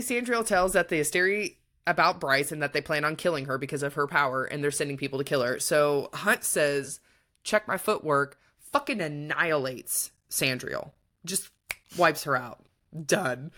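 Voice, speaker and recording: A woman co-hosting a book podcast, retelling a plot in casual chat with lots of feeling. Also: deep voice. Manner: animated, retelling plot with emotion. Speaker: podcast co-host.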